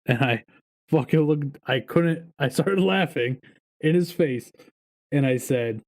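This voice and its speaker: A man's voice: fairly high pitch, slow pace. A man co-hosting a podcast, ranting and swearing while telling casual stories. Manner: profane, ranting, animated storytelling. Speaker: podcast co-host.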